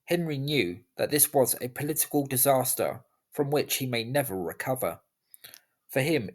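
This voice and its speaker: A man giving scripted history narration in a measured, even storytelling delivery. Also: medium pitch.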